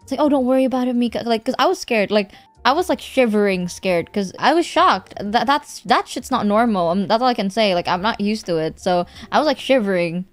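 A young woman streamer from Indonesia with a fairly high voice rambles through a casual story, packing it with fillers and cheerful swearing. Her close, dry mic sits over faint background music. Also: fairly quick, no echo. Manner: animated, laughs through her words.

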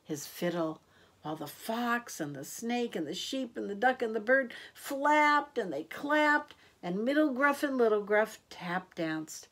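An older woman reading children's picture books aloud slowly and expressively as a storyteller. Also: a little high. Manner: slow and expressive, hushing at the end.

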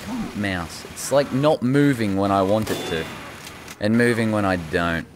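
Low-voiced young man mumbling gameplay commentary. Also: animated, a little slow, background noise. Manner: mumbled asides with sudden high yelps. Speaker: gaming channel host.

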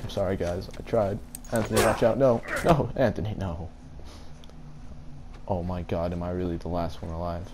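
A man's voice: sits low, fairly even intonation, moderate pace, background noise. A man giving panicky, mock-dramatic let's play commentary, swearing as he plays. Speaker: gamer. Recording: loud gunfire game audio behind.

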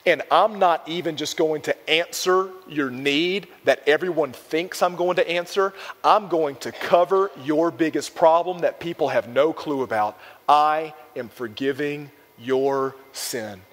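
A calm, tender Jesus, voiced by a male preacher, speaking low and earnestly to one person. The voice sits lower than the speaker's usual pitch. The sound rings with a long echo from a large hall. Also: moderate pace, natural voice. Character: Jesus, gentle compassionate grown man.

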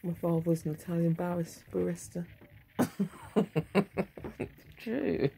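A woman's voice: lowish voice, brisk, gravelly, dark tone, a little hiss or hum, rough recording. A middle-aged woman talking in a meandering, self-interrupting monologue at home, with sudden swearing. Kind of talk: rambling monologue. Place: home, indoors.

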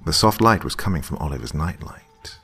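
A man narrating a scary story in a slow, brooding way. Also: a bass voice, expressive, fairly bright tone, slightly rough, soft background music. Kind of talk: scripted narration.

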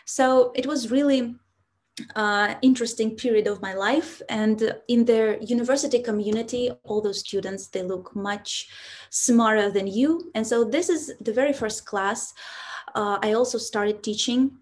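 A woman's voice: on the high side, measured pace, a little mellow. A young woman with a Russian accent, a public speaking coach telling a personal story in a presentation, earnest and reflective, with many "so" and "like" fillers.

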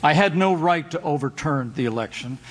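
A man delivering a formal prepared speech in a measured, solemn way. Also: a little high, lively intonation, slight background noise. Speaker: politician.

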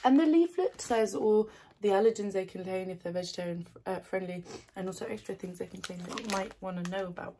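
A woman's voice: medium pitch, brisk, warm tone. Brief: bubbly woman taste-testing at home, laughs easily and gushes, faint hiss behind her. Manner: bubbly, giggly and gushing, often laughing. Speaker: snack taster and ASMR creator. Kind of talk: casual chat tasting snacks. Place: her new house, indoors. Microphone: not her usual ASMR mic.

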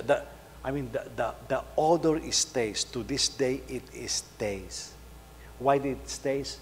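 A middle-aged man, preaching a sermon, telling a story and swinging between loud emphasis and soft asides. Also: mid-range voice. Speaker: pastor. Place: church hall. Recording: faint hum, long hall reverb.

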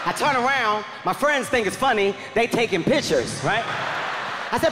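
A male comedian telling a stand-up story in a loud, animated, profane way. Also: sits high, fairly quick. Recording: echoey hall reverb, faint noise.

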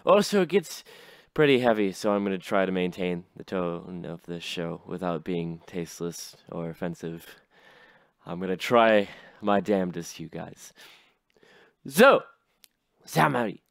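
A man's voice: deep voice, animated, unhurried, creaky, no echo. A man hosting a casual vlog, summing up a musical in a sarcastic, jokey way. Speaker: host.

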